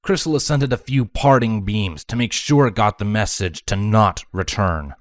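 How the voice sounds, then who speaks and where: A man reading fan fiction aloud as storybook narration, measured and dramatic. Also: lowish voice, dry recording, studio quality. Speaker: fanfiction reader.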